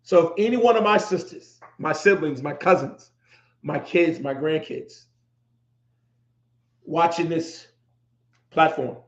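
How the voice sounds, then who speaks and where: A middle-aged male podcast host speaks from the heart, emotional and repeating his words for emphasis. His voice sits a touch high for a man. The sound is roomy and echoey, with a dull, lo-fi quality. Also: takes it slowly, long pauses, fairly bright tone. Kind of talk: heartfelt livestream talk.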